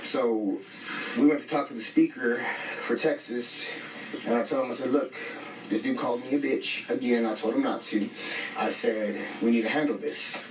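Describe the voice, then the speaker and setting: A man's voice: medium pitch, steady tone, normal speed, slight background noise. A man telling a story in casual street slang, bluntly quoting himself and others as he goes. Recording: echoey, distant, faint music.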